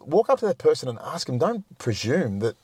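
Middle-aged guy, plain-spoken and profane, relaxed podcast chat, dead-dry recording. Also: fairly high pitch, a little fast, husky, no echo. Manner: blunt, swears freely, repeats words when starting a point. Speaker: podcast guest. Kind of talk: casual chat.

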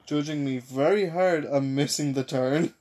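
A man's voice: on the high side, measured pace, a little mellow. A man, co-hosting a casual chat with wry, teasing humor. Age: 20s. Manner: wry, teasing, laughs at own stories. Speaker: podcast co-host.

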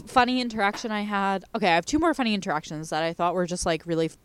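A woman's voice: mid-range voice, rapid-fire, a little hiss or hum. A woman casually telling playful stories about online games, acting out what people said. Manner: storytelling, playful, acts out quotes. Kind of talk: casual chat.

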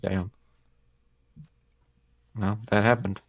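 A man's voice: fairly low pitch, little pitch movement, extremely slow, gravelly, no echo, dull audio. A man co-hosting a podcast, chatting casually with blunt, sweary asides. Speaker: podcast co-host. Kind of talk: casual chat.

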